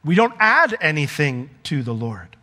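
Animated preacher man in a reverberant hall. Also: on the high side, measured pace. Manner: animated, conversational preaching with asides and acted quotes. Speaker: pastor. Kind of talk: sermon.

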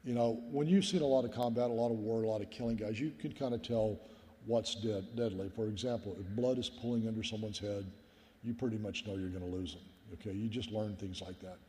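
Brief Low-voiced middle-aged male pastor, echoing hall. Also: fairly even intonation, brisk, warm tone. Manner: earnest, personal, often addresses listeners as guys. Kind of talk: sermon storytelling. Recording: long hall reverb.

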